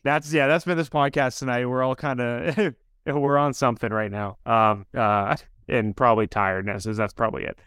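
A man's voice: medium pitch, fairly even intonation, moderate pace, a bit bright, smooth, no echo, studio quality. Laughing, scattered man hosting a podcast. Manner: scattered, self-interrupting, laughs often. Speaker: podcast host. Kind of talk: casual podcast chat. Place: on camera on a video podcast.

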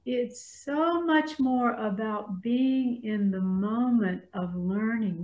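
A woman priest with a Southern US accent, speaking thoughtfully and gently in a spiritual discussion over a video call. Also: medium pitch, takes it slowly, few pauses, dull audio, a little hiss or hum. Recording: roomy echoey sound.

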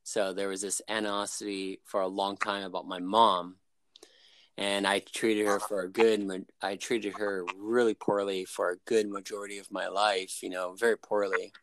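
A man in casual conversation, sharing a personal story with plenty of "you know"s and false starts. His voice is smooth and resonant. The sound is dry and close. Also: on the low side, little pitch movement, normal speed, fairly bright tone, dry recording. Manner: rambling, frequent fillers and restarts. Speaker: guest.

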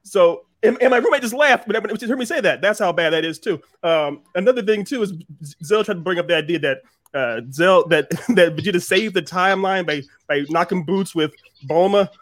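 A man's voice: high voice, brisk, a bit bright, dry recording, studio quality. A man arguing his side in a heated casual debate, incredulous and repeating himself when fired up.

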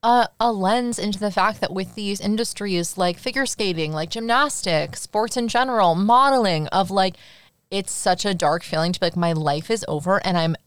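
A woman's voice: mid-range voice, moderate pace, clear, resonant tone, dry recording. Chatty young woman podcast co-host. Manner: chatty and reflective, agreeing a lot. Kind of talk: casual chat.

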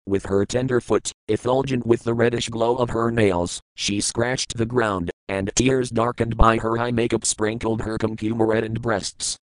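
A man giving a measured, scripted verse-by-verse scripture reading, reciting each verse and then its word meanings. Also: medium pitch, steady tone, dry recording, low-quality recording. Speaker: scripture reader.

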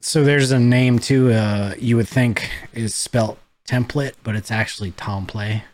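A man co-hosting a podcast, laughing often and chiming in with quick agreements during casual chat. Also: medium pitch, fairly even intonation, a little mellow, dry recording. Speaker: podcast co-host.

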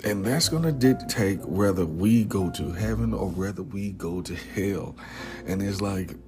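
A man's voice: low voice, unhurried. A man giving an informal, earnest devotional talk. He often drops to a whisper on key words and casually keeps saying "man". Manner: casual, repeatedly says "man". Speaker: Christian speaker. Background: music.

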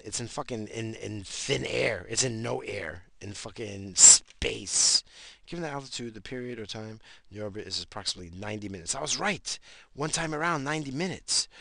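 A man's voice: fairly low pitch, bright, forceful tone, no room sound. A man hosting a casual talk show, ranting in a crude, rambling way and swearing constantly. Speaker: podcast host. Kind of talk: casual profane rant.

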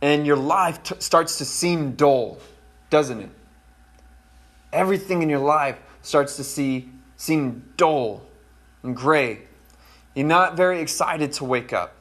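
A pastor delivers a sermon in a relaxed, folksy way and keeps checking in with his congregation. His man's voice sits a little on the high side. He often slows down to press a point home, then speeds up as he tells his own stories. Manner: conversational, folksy, addresses congregation directly.

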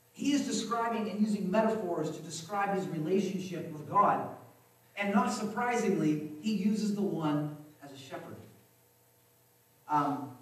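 A pastor preaches in a relaxed, conversational way, often repeating a phrase and asking the room whether they agree. His voice sits fairly high for a man. He sounds a little distant from the mic, and a heavy echo from the sanctuary hangs on every word. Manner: conversational, repeats phrases, asks the congregation questions. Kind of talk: sermon. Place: church sanctuary. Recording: very echoey church hall, mic from a distance.

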